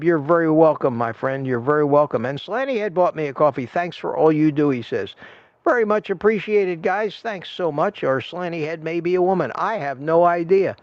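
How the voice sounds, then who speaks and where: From a computer at his home desk, an older man hosts a casual livestream, rambling amiably as he reads the chat aloud and thanks viewers. His voice runs on the high side. There is no room sound, and the high frequencies are cut off.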